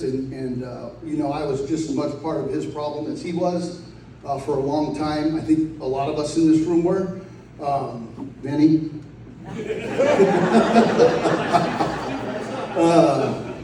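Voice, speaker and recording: A man's voice: fairly high pitch, warm tone, slight background noise. Man telling stories in an echoey hall. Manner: rambling, laughing often, swears. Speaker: eulogy speaker. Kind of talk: casual storytelling eulogy. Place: large echoey room from afar. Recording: echoey hall, distant mic.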